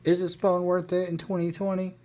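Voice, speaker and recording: A man's voice: sits high, monotone, brisk, a little mellow. A man giving a casual phone review, rambling and correcting himself as he goes. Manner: rambling, self-correcting, unsure of his numbers. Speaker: tech vlogger.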